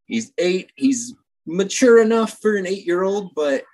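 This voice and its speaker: A man's voice: sits high, big pitch swings, a little slow, a little mellow. A man who is a guest on a podcast, chatting casually and telling a rambling story in an easygoing way. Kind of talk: casual chat.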